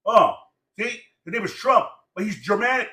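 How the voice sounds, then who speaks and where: A man's voice: sits high, expressive, normal speed, bright, forceful tone, reverberant. A man of Samoan heritage born in Los Angeles, ranting in profane, repetitive, preachy casual talk. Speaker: podcast guest.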